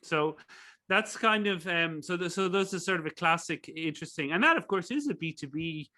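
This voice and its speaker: Man, Irish accent, bright tone, rambling, full of fillers and restarts, interview guest. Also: high voice, expressive, normal speed. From Ireland. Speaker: guest, business professor. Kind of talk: casual interview chat.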